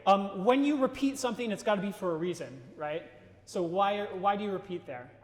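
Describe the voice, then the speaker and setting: A man coaching a singer in a live masterclass, casual and animated, breaking into sung phrases to show what he means. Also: high-pitched, fairly quick. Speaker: voice teacher leading a masterclass. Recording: roomy hall reverb.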